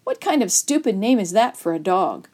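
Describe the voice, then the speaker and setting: A woman voicing a taunting older boy bully in a children's story reading, loud and mocking, a little higher than her own voice. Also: sing-song, moderate pace. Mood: scornful.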